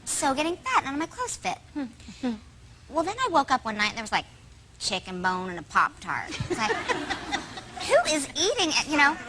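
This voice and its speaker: Giggly high-voiced woman telling stories. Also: moderate pace, long pauses. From Oklahoma. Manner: giggly, animated storyteller. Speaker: talk show guest. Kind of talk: chatty anecdotes on a talk show. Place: TV studio with audience. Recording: noisy TV studio recording.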